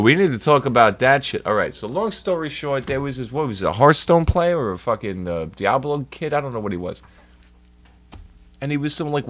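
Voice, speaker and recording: A man chatting on his livestream, ranting profanely and swinging between mumbled asides and loud outbursts. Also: medium pitch. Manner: profane ranting, swears constantly. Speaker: streamer. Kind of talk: casual stream chat.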